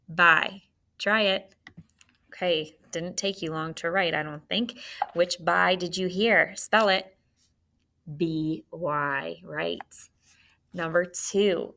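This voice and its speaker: A woman teacher giving a spelling lesson to children, patient and clear, sounding words out slowly. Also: fairly low pitch, pushed and bright.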